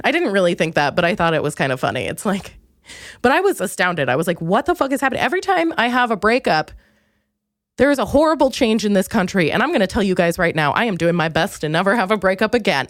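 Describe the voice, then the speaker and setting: A young woman comedian hosting her podcast, rambling through a casual comic monologue with self-mocking asides and sudden high excited quotes. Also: quick pace, dry recording, clean studio sound.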